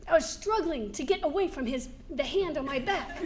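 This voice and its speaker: Woman with a high voice doing a keynote, lively storytelling, little bit of room noise behind. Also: moderate pace. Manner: lively, laughing, acts out scenes. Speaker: motivational speaker. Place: event hall before a live audience.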